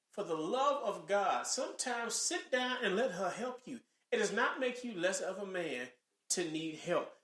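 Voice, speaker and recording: A man co-hosting a casual podcast with a Southern US accent, ranting in an animated, preachy way. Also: high-pitched. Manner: animated, preachy rants with mock voices. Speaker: podcast co-host. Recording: echoey room.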